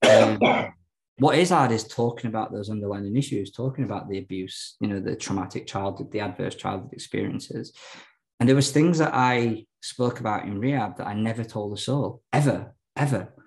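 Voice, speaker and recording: A man's voice: on the low side, moderate pace, low-quality recording. A man, a podcast guest telling his story candidly, rambling with lots of fillers and restarts.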